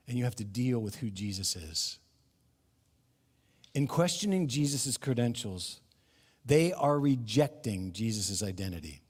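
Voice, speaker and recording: A middle-aged man preaching a sermon in a church, animated and acting out the crowd's questions. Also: medium pitch, measured pace. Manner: animated, acts out crowd voices, laughs between points. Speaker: pastor. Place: church sanctuary. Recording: long reverb of a hall.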